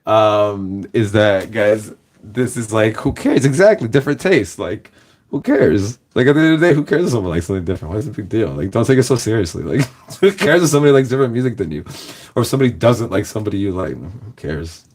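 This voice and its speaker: His voice sits fairly low and sounds expressive and darkish, moving at a quick pace. Hosting a reaction video in Los Angeles, the man rambles through casual chat, saying "like" in every phrase and laughing often.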